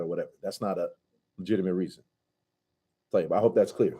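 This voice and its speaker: Mellow-voiced man teaching a class. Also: mid-range voice, fairly even intonation, fairly quick. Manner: casual, asks the class questions, drops into Arabic recitation. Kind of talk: conversational Quran commentary class.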